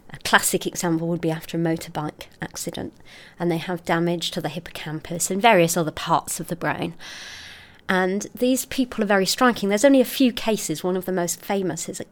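A middle-aged woman, a scientist explaining her research in an interview, articulate and expressive. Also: on the low side, moderate pace. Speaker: scientist guest.

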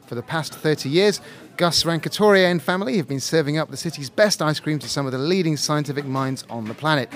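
A man's voice: a little high, a little fast. A man hosting a science podcast from a café, presenting a scripted show with a wry, joking delivery. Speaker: podcast host.

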